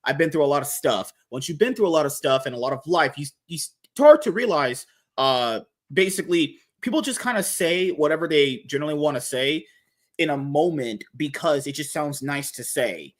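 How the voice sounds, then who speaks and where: A man's voice: a little high, animated, normal speed. A man hosting a podcast, talking casually and animatedly, swearing freely and rambling with restarts. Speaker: podcast host.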